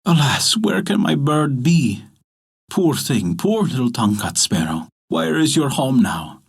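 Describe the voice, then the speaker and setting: A kind, grieving old man from a storybook folk tale speaks slowly and mournfully, as a male narrator puts him on. His voice is husky. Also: medium pitch, big pitch swings, heavily acted.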